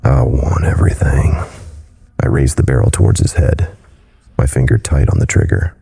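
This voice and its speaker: A man narrating a horror story in a grave, measured way. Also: extremely low pitch, gravelly, warm tone, slightly rough. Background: faint music.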